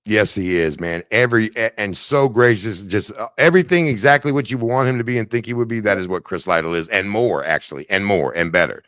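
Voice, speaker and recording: A man's voice: lowish voice, a little fast, hardly any pauses, fairly bright tone, dry recording. A man hosting a casual interview show, talking in a loose, rambling way with frequent restarts. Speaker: show host and fighter.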